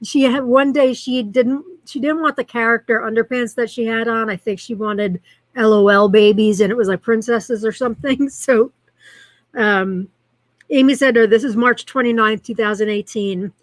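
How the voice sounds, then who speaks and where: A woman's voice: on the high side, fairly even intonation, normal speed, dry recording, rough recording. Chatty woman live-stream host, dry sound. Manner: chatty and rambling, reads viewer comments aloud. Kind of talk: casual live-stream chat.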